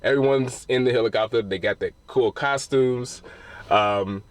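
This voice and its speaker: A man's voice: medium pitch, normal speed, clear, resonant tone, no echo. A man giving a casual spoiler recap of a film, talking loosely with cursing and frequent restarts. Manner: loose and profane, full of restarts. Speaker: movie reviewer.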